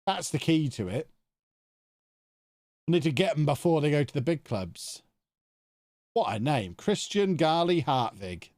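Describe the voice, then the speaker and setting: A man's voice: on the high side, lively intonation, a little slow, pauses often, a little mellow, dry recording, clean studio sound. A man, talking to himself in chatty commentary while streaming a video game live. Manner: chatty, thinking aloud to himself.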